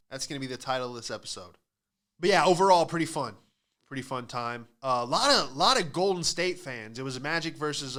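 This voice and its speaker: A man's voice: fairly high pitch, bright, forceful tone. A young man hosting a podcast, telling stand-up-style stories in a sarcastic, ranting way and acting out other people's voices. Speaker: podcast host and stand-up comic. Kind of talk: casual comedic monologue.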